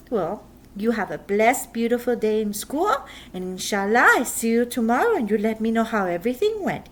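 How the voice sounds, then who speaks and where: Soft-spoken woman hosting a children's video. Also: medium pitch, normal speed, slight background noise. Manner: soft, calm and motherly, sometimes whispered. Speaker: host of a children's Islamic video. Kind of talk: gentle instruction for children.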